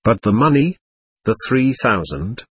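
A desperate, impulsive young man, as a narrator acts him out, pleading in a lower, husky register, his voice jumping with agitation. The sound is close and dry, with no room echo. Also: sing-song, a little slow, full character voice. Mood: stunned.

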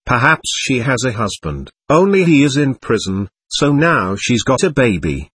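A man's voice: mid-range voice, very animated, moderate pace, a bit bright, slightly rough, no echo. A man doing a bossy, snappish little girl. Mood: insistent. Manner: insistent, snappish.

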